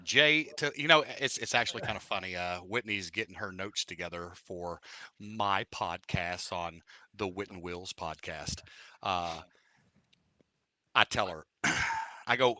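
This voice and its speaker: Guest, male, animated storyteller, very bright forceful voice, dry close mic. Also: sits low, moderate pace, no room sound. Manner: animated storyteller, swings from loud to quiet. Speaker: podcast guest. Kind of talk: casual chat.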